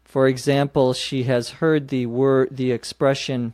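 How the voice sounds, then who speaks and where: A man's voice: mid-range voice, level tone, a little slow, hardly any pauses, a little mellow, no room sound, studio quality. A man hosting an English-learning podcast, explaining phrases patiently and spelling words out letter by letter. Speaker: podcast host teaching English. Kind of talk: slow explanatory teaching.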